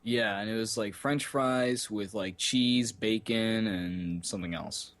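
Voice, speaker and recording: A man in his twenties co-hosting a casual podcast, teasing and riffing with quick jokes. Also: on the low side, a crowd in the background. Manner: joking, teasing, quick comic riffs. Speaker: podcast co-host. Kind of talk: casual chat.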